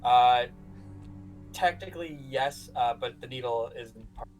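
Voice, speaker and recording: A man acting as game master, describing a map haltingly with restarts. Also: mid-range voice, a little mellow, soft background music, poor audio. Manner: halting, full of fillers and restarts while describing. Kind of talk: narrating a tabletop game.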